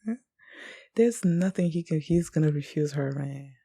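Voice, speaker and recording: A woman's voice: deep voice, lively intonation, moderate pace, creaky, dark tone, slightly rough, no room sound. A woman reading a manga aloud and reacting as she goes, bursting into squeals and giggles.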